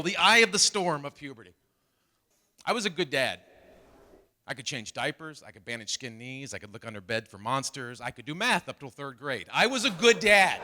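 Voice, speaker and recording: A man's voice: on the high side, noisy background. A middle-aged man doing a stand-up comedy set, acting out voices of his wife and son. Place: live comedy stage with audience. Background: audience laughter.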